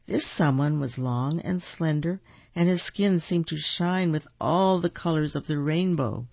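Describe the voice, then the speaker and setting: A man's voice: a little high, a little slow, creaky, darkish tone, dry recording, lo-fi sound. A man reading children's stories and folk tales aloud, in an unpolished way, stopping to correct his own slips. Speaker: storyteller.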